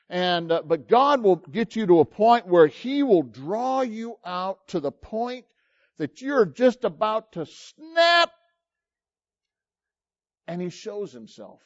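A man preaching a sermon in a conversational style, asking the listeners questions and swinging between loud emphasis and quiet asides. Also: high voice. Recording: dull lo-fi recording.

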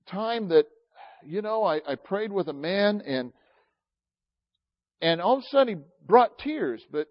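Middle-aged male preacher, husky, lively swooping delivery, dull lo-fi recording. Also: a little high. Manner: animated, emotional, building to loud fervent peaks. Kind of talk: sermon.

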